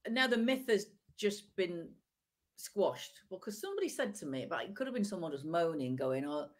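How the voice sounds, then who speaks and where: Lively woman chatting on a podcast. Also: fairly low pitch, normal speed. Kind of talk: casual chat.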